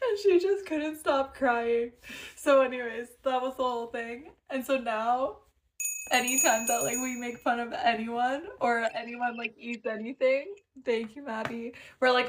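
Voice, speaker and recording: Young woman, fairly high voice, casual livestream chat, giggly storyteller, thanks viewers as she goes. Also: steady tone, unhurried, a little hiss or hum. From Canada. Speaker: livestream host.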